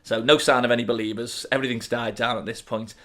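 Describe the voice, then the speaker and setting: A man's voice: medium pitch, steady tone, quick pace, a bit bright. A man in his thirties with a Liverpool accent, co-hosting a podcast and telling a story with lots of laughter. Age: 30s. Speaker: podcast co-host. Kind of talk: casual storytelling chat.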